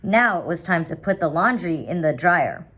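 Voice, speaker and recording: Woman storyteller, low-pitched, unhurried picture-book reading with chatty asides. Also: animated, fairly bright tone, husky.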